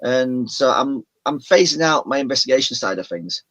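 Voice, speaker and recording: Chatting casually as a guest over video call, a paranormal show presenter from Yorkshire, England, speaks with a mild Yorkshire accent. His medium-pitched, fairly bright voice has lively intonation at a moderate pace, and his talk rambles with many restarts and self-corrections.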